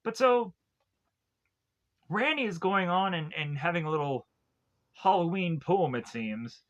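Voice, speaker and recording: Here the same kind of young movie reviewer rambles through a film scene by scene, cracking jokes, laughing at them and slipping into goofy character voices. He sounds high-pitched, expressive and fairly bright at a measured pace, and the recording is lo-fi.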